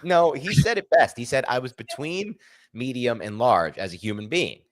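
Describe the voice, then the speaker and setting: A man's voice: mid-range voice, animated, normal speed, no echo. A man co-hosting a podcast, teasing and bantering with the others. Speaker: podcast co-host. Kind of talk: casual chat.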